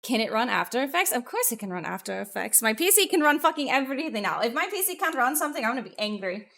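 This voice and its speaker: This woman VTuber speaks fast in a gravelly voice that sits on the high side. Chatting casually with her live chat, she's excitable and swears freely, jumping from loud bursts to muttered asides.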